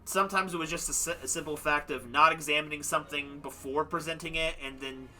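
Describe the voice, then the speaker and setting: A young man with a very bright, fairly high voice talks loosely into a desk mic, rambling and poking fun at himself. He sounds worn out after a long stream, and soft game music plays faintly behind him. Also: fairly even intonation, quick pace. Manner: chatty, rambling, self-deprecating. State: tired. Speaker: livestreamer. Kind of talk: casual chat wrapping up a game stream.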